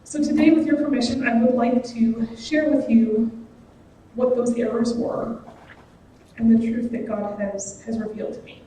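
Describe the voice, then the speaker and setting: A woman's voice: a little high, fairly even intonation, dark tone. A woman giving a guest sermon in a church, speaking in an earnest, personal way. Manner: earnest and personal, slow and deliberate. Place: church sanctuary. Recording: echoey hall from far off, faint noise.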